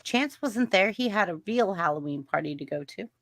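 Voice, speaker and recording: A woman's voice: medium pitch, expressive, moderate pace, background noise. A woman co-hosting a casual chat, teasing and joking with the others. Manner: playful, teasing, chatty. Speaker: co-host.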